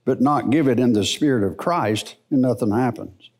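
A middle-aged man teaching the Bible in a church service, in a folksy, unhurried preaching manner. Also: medium pitch. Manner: slow, animated, folksy preaching.

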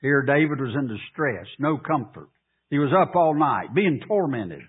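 A man preaching a sermon as pastor, reading scripture aloud and pressing his congregation with emphatic, drawn-out questions. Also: sing-song, slightly rough. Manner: preaching, rising to emphatic high pleas, drawn-out delivery. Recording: tinny phone-like radio broadcast.

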